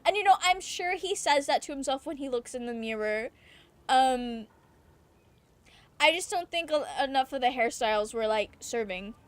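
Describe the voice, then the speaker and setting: A woman's voice: high-pitched, expressive, normal speed. A young woman streaming a video game, chatting casually and reading chat aloud, laughing often and ranting with swearing. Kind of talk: casual gameplay commentary.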